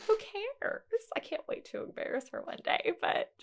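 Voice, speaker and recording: Young woman guest on a podcast, bouncy pitch, bit of gravel in her voice, laughs a lot telling stories. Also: fairly quick, slight background noise. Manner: animated, laughing, acts out quoted voices. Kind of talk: casual storytelling chat.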